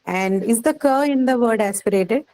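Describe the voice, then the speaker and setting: A woman with an Indian English accent teaches a phonetics class. She explains rules step by step, pauses to quiz her students, and keeps checking in with "right?" and "okay.". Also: a little high, a little mellow, rough recording. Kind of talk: classroom lecture.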